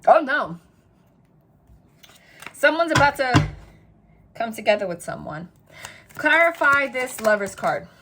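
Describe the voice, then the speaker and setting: A woman reading tarot in a casual vlog, chatty and rambling, telling animated stories full of quoted dialogue. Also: high voice, slow pace, pauses often, a little hiss or hum. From New Jersey. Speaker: tarot reader.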